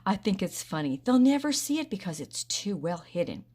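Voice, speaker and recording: Brief: woman voicing a confident schoolboy club leader, brisk storybook read, lively intonation. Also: medium pitch. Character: eager young boy club leader, bossy.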